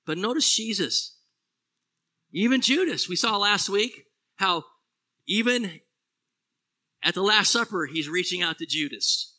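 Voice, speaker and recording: A man preaching a sermon as a pastor, animated, swinging between loud exclamations and hushed, low phrases. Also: a little slow, long pauses.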